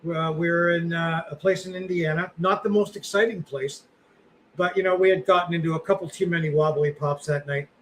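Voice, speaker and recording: A man's voice: fairly high pitch, steady tone, a little fast, fairly bright tone, slight background noise, low-quality recording. A middle-aged man co-hosting a podcast, chatting casually in a rambling, self-deprecating way with lots of fillers. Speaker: podcast co-host. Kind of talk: casual chat.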